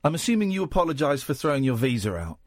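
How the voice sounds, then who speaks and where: A man's voice: medium pitch, big pitch swings, fast talker, no echo. A man hosting a late-night radio talk show, chatting with his guest and teasing her. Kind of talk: casual radio chat. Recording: dry radio studio mic.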